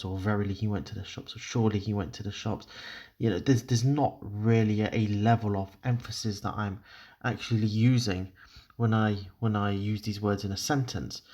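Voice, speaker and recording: A male teacher talks through a grammar lesson as he writes out examples. His voice sits a little low, and he speaks haltingly, often restarting and apologizing. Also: a little mellow. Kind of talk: explaining grammar while writing on a board.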